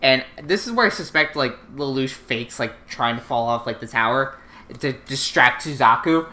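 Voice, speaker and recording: A woman's voice: a bass voice, expressive, moderate pace, sharp tone. A woman co-hosting a casual anime recap podcast, rambling with lots of fillers and casual swearing. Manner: rambling, filler-heavy and profane. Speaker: podcast co-host.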